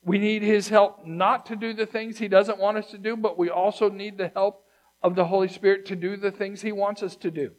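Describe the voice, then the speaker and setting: A pastor preaches to his church in a conversational, emphatic way that swings from loud to hushed. His voice is high-pitched with little pitch movement, and he speaks at a moderate pace.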